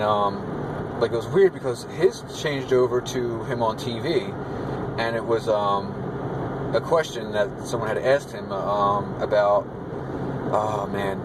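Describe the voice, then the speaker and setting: A man with a fairly low voice talks loosely and rambles, with lots of ums and restarts. Steady noise from a car or the street sits clearly under his voice. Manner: rambling, many fillers and restarts. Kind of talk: casual spoken recount of a vision.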